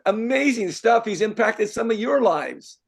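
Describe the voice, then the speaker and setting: A man's voice: high-pitched, lively intonation, unhurried, creaky, slightly rough. An older man, a life coach, giving an emphatic motivational talk to a group, repeating himself and firing rhetorical questions. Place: event room with a live group.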